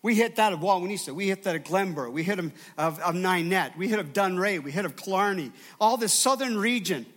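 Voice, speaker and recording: A man's voice: high voice, lively intonation, fairly quick, hardly any pauses, a bit bright. A man preaching a sermon as pastor, emphatic and calling out to his congregation for response.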